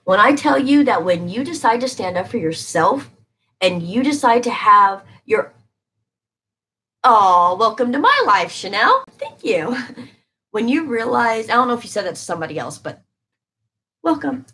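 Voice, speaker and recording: A woman's voice: on the high side, big pitch swings, unhurried, long pauses, fairly bright tone, rough recording. A woman giving a live-stream tarot reading, talking casually and emphatically to her viewers and answering their comments as she goes.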